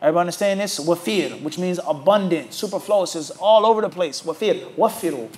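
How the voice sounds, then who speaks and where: A man teaching a religious class, emphatic and animated, who keeps asking his listeners rhetorical questions and waits for them to answer. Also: high-pitched, fast talker. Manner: rhetorical questions asked to the audience. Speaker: Islamic teacher.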